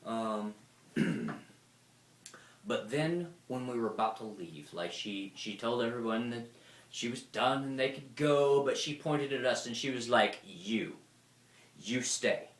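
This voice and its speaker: A man's voice: mid-range voice, a little slow. A man giving a casual, rambling talk, telling stories and swearing freely. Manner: rambling, profane, lively storyteller. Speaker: speaker. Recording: roomy echo.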